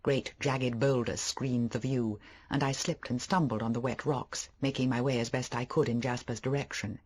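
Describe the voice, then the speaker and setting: An audiobook narrator reading a first-person story with expressive delivery. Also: medium pitch, moderate pace.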